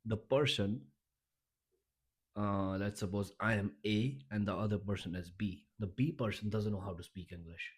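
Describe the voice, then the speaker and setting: A man's voice: lowish voice, normal speed, breathy edge. A man giving a motivational vlog talk in an emphatic, repetitive and blunt way, often restarting his sentences. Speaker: YouTuber.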